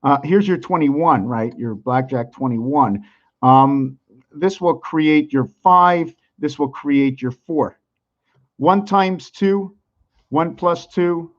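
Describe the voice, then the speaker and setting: A channel host with a fairly high-pitched voice rambles through a vlog monologue, thinking out loud with rhetorical questions and slowly counting off numbers. Now and then he gets loud and worked up, and the recording sounds lo-fi.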